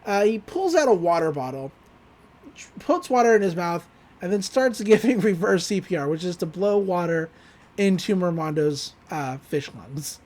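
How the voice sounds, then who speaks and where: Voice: medium pitch, animated, normal speed, darkish tone. Rambling casual podcast recapper. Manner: rambling, quotes characters with "he's like"; frequent fillers, laughs while recounting. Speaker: podcast co-host recapping a cartoon episode. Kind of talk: casual chat.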